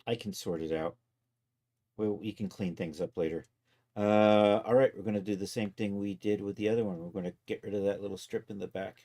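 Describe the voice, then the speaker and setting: A man livestreaming his 3D art work in a casual, chatty way, talking to viewers and to his software as he goes and chuckling often. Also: lowish voice, steady tone, fairly quick. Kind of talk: casual live-stream commentary.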